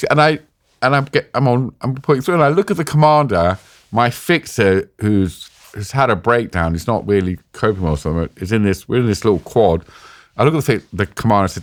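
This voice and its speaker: Man, low-pitched, animated storyteller, acts out voices, very dry sound. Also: a little fast, no room sound. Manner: animated, acts out quotes with swearing. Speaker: interview guest, former hostage. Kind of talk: casual storytelling.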